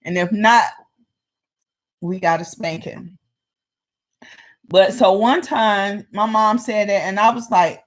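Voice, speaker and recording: Woman vlogger telling a story, chatty and animated, does the voices. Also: mid-range voice, takes it slowly, long pauses. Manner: animated, acts out the people in her story. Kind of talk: casual storytelling.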